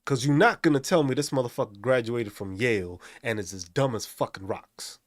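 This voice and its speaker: A man ranting in a casual live stream, swearing often and talking in an animated way. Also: medium pitch, brisk, no echo, studio quality.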